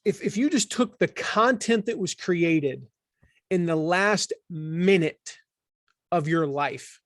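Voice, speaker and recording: A man in his forties from the Southern United States, talking as an author in an interview, animated and full of restarts. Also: sits high, slow pace, no room sound, studio quality. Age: 40s. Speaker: author and guest. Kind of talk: conversational interview.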